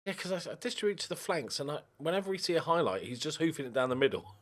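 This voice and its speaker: With a fairly high pitch and a brisk pace, a young man casually commentates his football management game for YouTube. He's animated, chats to his players on screen, and yelps in frustration.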